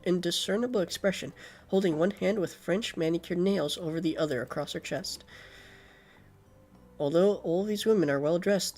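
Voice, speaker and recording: A man's voice: high voice, a little mellow. A man streaming a game, reading it aloud and chatting casually, sleepy and yawning, swearing often. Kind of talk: game stream chat and narration.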